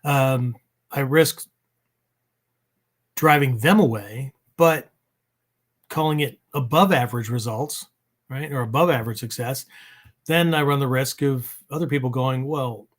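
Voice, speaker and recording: A man's voice: medium pitch, measured pace, long pauses. A man hosting a training podcast, talking casually and rambling, checking in with "right?" at the end of many sentences. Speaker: podcast host. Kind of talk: casual spoken podcast monologue.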